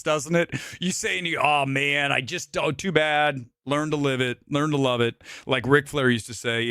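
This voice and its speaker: A man hosting a casual live movie-review stream, talking in a brash, rambling way with frequent swearing and quick laughs. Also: fairly high pitch, bright, forceful tone, dry recording, studio quality. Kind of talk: casual live-stream chat reading comments. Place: home studio near Los Angeles.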